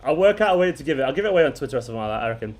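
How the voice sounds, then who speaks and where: This man's mid-range voice is expressive and very fast as he hosts a casual live football watchalong for his fan channel. He rambles, chuckles, and keeps restarting sentences.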